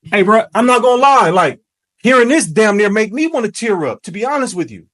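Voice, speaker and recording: Guy with a high voice doing a fired-up commentary, preachy, gets shouty. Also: very animated, a little fast. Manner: preachy, emphatic, rising to shouts. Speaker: commentary host. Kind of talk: impassioned reaction commentary.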